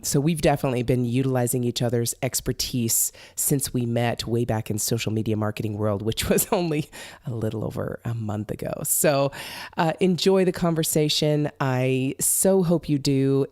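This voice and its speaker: A woman hosting a podcast in a bubbly, chatty way, her voice a little hoarse as it recovers. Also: a bass voice, warm tone, dry recording, clean studio sound. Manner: bubbly, chatty, many fillers. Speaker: podcast host. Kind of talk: casual podcast chat.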